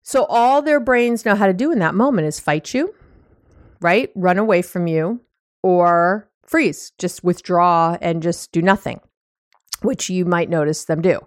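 A woman hosting a relationship podcast, explaining things in a casual, animated way with lots of "you know" and little acted-out exchanges, teasing her listeners fondly. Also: lowish voice, a little slow, dry recording, clean studio sound. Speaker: relationship coach and podcast host.

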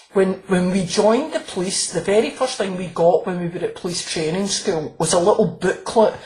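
This rough recording features a former police officer turned crime author, her voice lowish and darkish in tone. In a relaxed interview chat, she keeps restarting her sentences and laughs while sharing stories.

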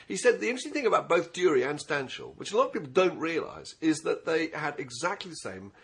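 A husky man with a lively, quick delivery, full of enthusiasm as he chats. He keeps chiming in with agreement, and his pitch sits a little high. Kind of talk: casual chat.

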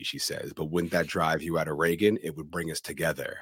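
A man co-hosting a casual podcast, retelling film scenes in a plain, steady way. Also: rumbling low, brisk, slightly rough, dry recording, clean studio sound. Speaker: podcast co-host.

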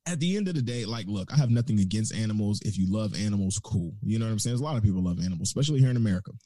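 A man's voice: fairly low pitch, animated, rapid-fire, dark tone, no echo. Young guy ranting on a podcast, swearing a lot, voice jumping all over, super dry sound. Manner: profane, rambling, emphatic. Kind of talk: casual ranting chat.

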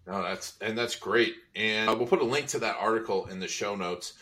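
Brief: deepish male podcast host, easygoing, a bit off-mic. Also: a little fast, bright, forceful tone. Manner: agreeable, short affirmations. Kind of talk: casual interview chat. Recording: distant from the mic.

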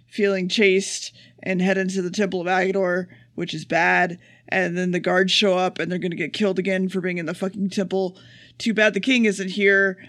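A man's voice: sits high, a bit bright, no echo, studio quality. A man co-hosting a podcast, recapping an episode in a casual, profane, sarcastic way. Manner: profane, sarcastic, rapid plot summary. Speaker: podcast co-host.

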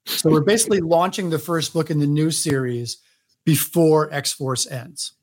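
Higher-pitched male guest, rambling storyteller. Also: moderate pace. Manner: rambling storyteller, acts out what others said. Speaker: author, podcast guest. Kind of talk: casual podcast chat.

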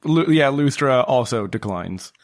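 A man's voice: medium pitch, expressive, measured pace. A man playing a tabletop game, answering briefly in casual table talk. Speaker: player.

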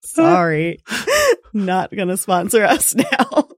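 A woman co-hosting a podcast in casual chat, laughing often and telling deadpan jokes. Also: mid-range voice, slow, no echo, clean studio sound. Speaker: podcast co-host.

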